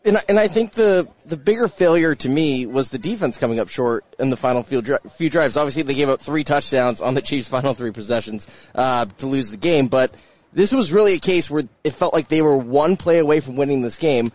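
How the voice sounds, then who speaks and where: A man's voice: mid-range voice, lively intonation, a little fast, darkish tone. A man co-hosting a sports podcast, wry and teasing, then analytical about the game. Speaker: podcast co-host. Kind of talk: casual sports podcast chat.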